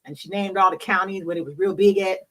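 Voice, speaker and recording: A woman's voice: medium pitch, fast talker, fairly bright tone, distant mic, poor audio. A middle-aged woman talking frankly and bawdily to her audience, preachy and laughing often. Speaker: host; hospital worker. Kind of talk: candid solo talk.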